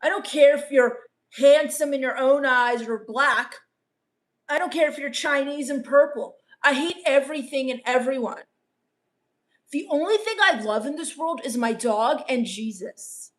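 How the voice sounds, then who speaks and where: There's no hurry as this high-pitched woman reads chat during the comedy livestream she hosts. Her dismissive, misanthropic tone rides a deadpan, gloomy gothic valley-girl drawl.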